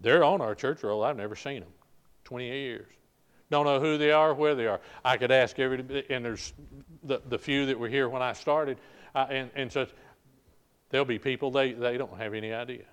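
A man's voice: medium pitch, fairly even intonation, moderate pace, clean tone. An older man, a pastor preaching a sermon, calling out "folk, listen" and restarting phrases as he presses his points.

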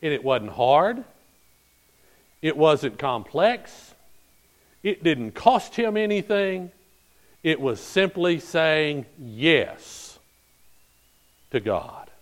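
A male pastor preaching a sermon, retelling a story in a folksy way and swinging between hushed and loud passages. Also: fairly high pitch, sing-song, extremely slow, long pauses.

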